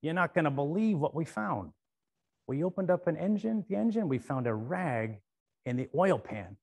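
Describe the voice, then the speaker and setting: A chummy, brash mechanic with a New York accent, as a man puts him on. He talks high and excited, pushing every line. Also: moderate pace, creaky, breathy edge, full character voice.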